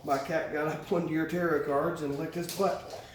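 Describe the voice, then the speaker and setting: A man's voice: on the high side, level tone, moderate pace. A man giving a casual, rambling tarot reading, candid and swearing freely, recorded at a distance in a very echoey room. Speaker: tarot reader. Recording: very echoey room, distant mic, faint hiss.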